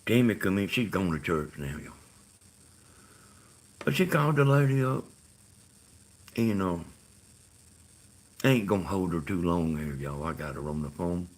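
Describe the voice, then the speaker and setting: A man's voice: low voice, lively intonation, measured pace, long pauses. A middle-aged man with a Georgia Southern accent talking casually and rambling on a live stream. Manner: meandering, full of "you know" and "like".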